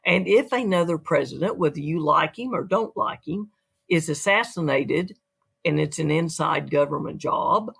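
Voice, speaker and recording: An author being interviewed on a podcast, telling stories in a lively way and acting out the quotes. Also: medium pitch, moderate pace, gravelly, husky. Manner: lively storyteller who acts out quotes. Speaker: author and guest. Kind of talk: storytelling in an interview.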